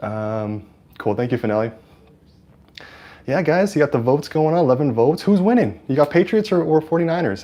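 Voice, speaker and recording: A man's voice: a little high, animated, normal speed, dark tone, highs cut off. A man from California hosting a casual live stream with a lapel mic, chatting with viewers and calling the plays, with lots of fillers. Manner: chatty, hesitant with many fillers, hyped at plays. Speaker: livestream host. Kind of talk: casual live-stream chat and game commentary.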